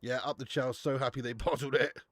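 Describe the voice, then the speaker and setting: A man's voice: mid-range voice, steady tone, fast talker, no room sound, clean studio sound. A young man hosting a live watch-along stream, bantering with viewers, swearing and laughing often. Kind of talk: live casual chat to viewers.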